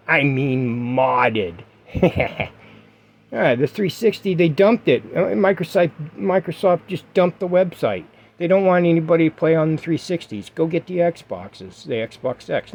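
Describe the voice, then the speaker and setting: Middle-aged dude vlogging gear tips, repeats himself a lot, lots of ums, pretty emphatic. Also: male voice, a little high, animated, normal speed, lo-fi sound. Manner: emphatic, repetitive advice-giving with fillers. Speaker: gaming vlogger. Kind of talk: casual vlog talk to camera.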